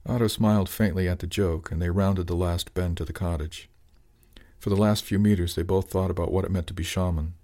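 A man narrating an audiobook chapter in a calm, even storytelling manner. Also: deep voice, a little fast.

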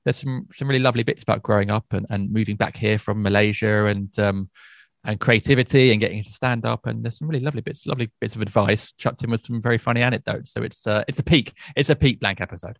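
Guy cohosting a podcast, bit low and gravelly, rambles along, dry sound. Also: quick pace, no room sound. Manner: relaxed, rambling, with soft laughs. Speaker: podcast co-host. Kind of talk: casual podcast chat.

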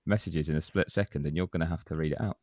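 Deep-voiced man teasing his co-hosts. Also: fast, a little mellow, dry recording, studio quality. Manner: teasing, reads listener reviews aloud. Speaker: podcast co-host. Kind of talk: casual chat.

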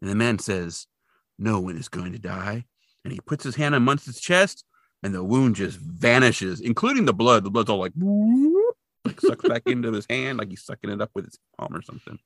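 A man in a casual podcast chat, recapping an episode scene by scene. His pitch swings widely, and his tone is bright and forward. The sound is dry and close. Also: sing-song, no echo. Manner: jokey, acts out characters' lines in quick voices.

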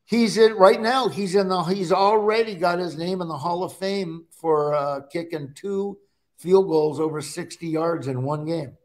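Middle-aged man from Nebraska, slightly high voice, animated storyteller for a casual talk guest spot. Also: a little slow. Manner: storytelling, animated, acts out his own quotes. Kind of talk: casual chat.

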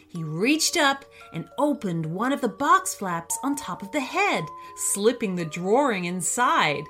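A woman reading a children's bedtime-style story aloud, expressive and unhurried. Her pitch sits a little high and rises and falls a lot. Faint music plays beneath her. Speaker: narrator.

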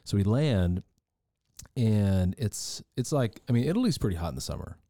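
A man's voice: lowish voice, sing-song, moderate pace, dark tone, dry recording, studio quality. A man from the American South telling a rambling, profane story on a podcast, slipping into the voices of the people he met. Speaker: podcast guest. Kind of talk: casual storytelling.

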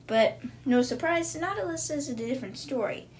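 A woman's voice: fairly high pitch, expressive, moderate pace, few pauses, a little mellow, slight background noise. A woman hosting a podcast, giving a casual recap of book chapters in a chatty retelling style, often stumbling over words and correcting herself. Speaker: podcast host.

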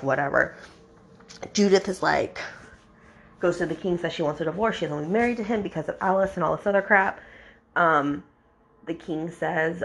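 A woman's voice: on the low side, moderate pace, gravelly, a little hiss or hum. Exasperated young woman recapping a book. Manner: animated, exasperated, mock-quoting characters. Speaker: podcast host reviewing a book.

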